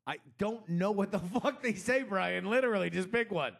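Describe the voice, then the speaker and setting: A man's voice: high-pitched, normal speed, creaky. A man co-hosting a podcast in casual banter, rambling, swearing and laughing often. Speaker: podcast co-host.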